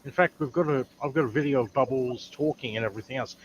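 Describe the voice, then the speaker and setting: A man's voice: medium pitch, fast, a little hiss or hum. A man joining a livestream in casual banter, teasing dryly. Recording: dull lo-fi audio.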